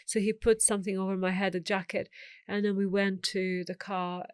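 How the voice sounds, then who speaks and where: A woman's voice: mid-range voice, level tone, moderate pace, clean tone, dry recording, studio quality. A middle-aged woman, a guest telling her life story in an interview, acting out the voices of the people she quotes.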